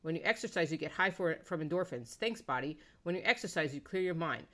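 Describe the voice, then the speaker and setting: A woman's voice: low voice, animated, fast talker, bright, forceful tone. A woman in a casual conversation reading a long online post aloud, with hesitant asides and slangy, profane phrasing.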